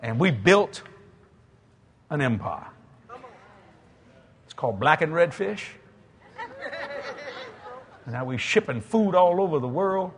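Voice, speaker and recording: A man's voice: on the high side, takes it slowly, long pauses. A man with a Cajun accent from South Louisiana, preaching a sermon full of jokes and laughter. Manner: animated, joking storyteller who laughs at his own lines. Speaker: guest preacher. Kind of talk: humorous sermon.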